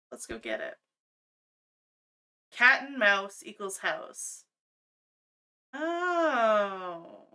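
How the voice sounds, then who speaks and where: A woman's voice: mid-range voice, bright, forceful tone. A woman streaming a video game from home, chatting casually and laughing often as she thinks aloud. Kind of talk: casual gameplay commentary. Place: home, cat on her lap.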